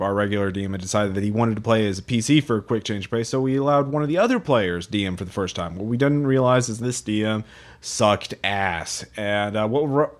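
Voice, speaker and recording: Low-voiced man co-hosting a gaming podcast. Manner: relaxed, chuckling, reads forum posts aloud. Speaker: podcast co-host. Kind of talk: casual gaming podcast chat.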